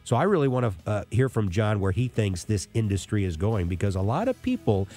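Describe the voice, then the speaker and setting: Lively storytelling radio host, man in his sixties. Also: fairly low pitch, brisk, soft background music. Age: 60s. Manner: animated, rambling storyteller with frequent restarts. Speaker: radio talk show host. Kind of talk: casual talk radio monologue.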